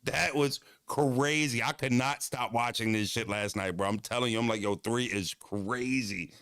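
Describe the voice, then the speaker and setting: Laid-back gravelly-voiced male streamer. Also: medium pitch, moderate pace, fairly bright tone, no room sound, studio quality. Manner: laid-back, swears freely, often laughs. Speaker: streamer reacting to clips. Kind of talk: casual reaction chat.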